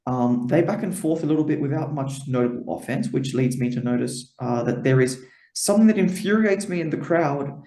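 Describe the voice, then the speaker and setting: A man's voice: fairly high pitch, brisk, warm tone, reverberant. A man of the Greek diaspora co-hosting a podcast, reading a wrestling recap with lots of "uh" and "um". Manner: reads recap with many fillers. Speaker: podcast co-host.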